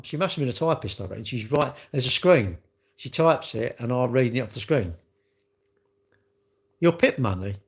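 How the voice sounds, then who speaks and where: A man hosting a live stream, chatting and joking with viewers in cheeky banter that jumps from topic to topic. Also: medium pitch.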